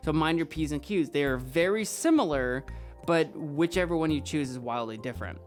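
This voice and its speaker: A man's voice: a little high, animated, fairly quick, faint music behind. A man speaking as a podcast guest in casual chat, searching for words as he explains things at length.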